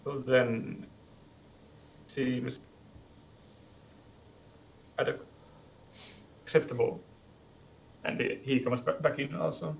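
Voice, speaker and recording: A man's voice: medium pitch, steady tone, drawn-out words, vocal fry, pauses often, slight background noise, rough recording. A man playing a tabletop game, hesitantly narrating what his character does. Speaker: player. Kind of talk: tabletop play.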